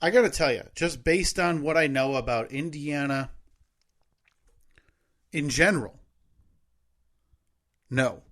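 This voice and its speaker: A man's voice: fairly high pitch, slow, pauses often, fairly bright tone. A man with a Midwestern accent co-hosting a podcast, chatting casually in a rambling, playful way that often corrects itself. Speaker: podcast co-host. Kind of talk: casual chat.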